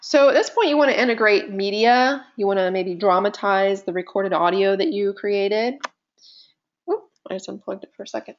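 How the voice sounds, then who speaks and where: A woman teaching presentation skills in a live online session, talking conversationally with deliberate pauses and shifting loudness. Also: medium pitch, highs cut off. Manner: animated, conversational, uses deliberate pauses and vocal dynamics.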